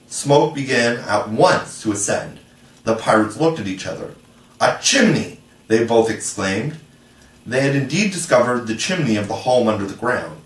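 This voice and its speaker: Male audiobook narrator, low voice, distant roomy recording. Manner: storytelling reading. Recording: echoey room, from far off.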